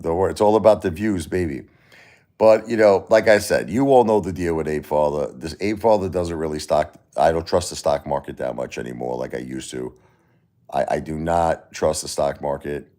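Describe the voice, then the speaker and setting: With a bass voice at normal speed, a Brooklyn-accented man hosts a relaxed livestream. He reads viewer comments out loud and talks with them animatedly, using mock-Italian tough-guy phrasing.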